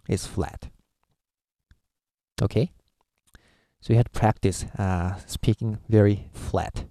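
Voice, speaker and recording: A Japanese-accented man teaches in an unhurried, halting way, filling pauses with uhs and sounding out syllables to demonstrate. His voice sits fairly low with a gravelly, mellow edge. The sound is dry with no room around it. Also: no room sound. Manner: hesitant, many filler uhs, demonstrates syllables aloud. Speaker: language teacher. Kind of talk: casual spoken lesson.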